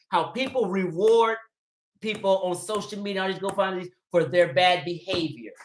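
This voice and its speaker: Heated, profane man ranting on a livestream. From Los Angeles. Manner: swings between loud outbursts and low muttering. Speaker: livestream host. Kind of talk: livestream commentary rant.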